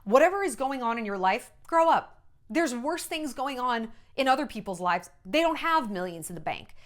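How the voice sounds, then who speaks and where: A woman and former entertainment journalist giving a blunt, animated gossip monologue, often slipping into mocking voices. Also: on the high side, moderate pace. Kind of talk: casual celebrity gossip monologue.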